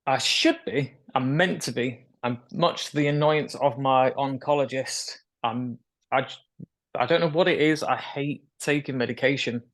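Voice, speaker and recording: A young man with a medium-pitched voice talks at a normal speed as an interview guest. It's a candid conversation, and he shares his story frankly with a nervous laugh from time to time.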